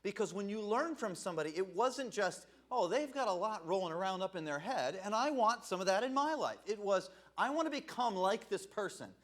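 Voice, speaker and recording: Lively high-voiced man preaching a sermon. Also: fairly quick, hardly any pauses. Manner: conversational, asks "right?" often, laughs at himself. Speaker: evangelist preacher.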